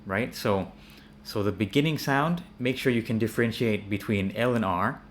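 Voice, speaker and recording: Speaking at a moderate pace, a low-voiced American man teaches English pronunciation in an easygoing, off-the-cuff lesson. He's relaxed, uses plenty of fillers, and keeps repeating and circling back on his words. Faint ambience sits in the background along with a little hiss or hum.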